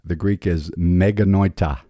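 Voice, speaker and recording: A man's voice: deep voice, fairly even intonation, measured pace, warm tone, no echo, studio quality. A man hosting a podcast, teaching from the Bible in an earnest, preaching manner with emphatic rhetorical questions. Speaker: podcast host.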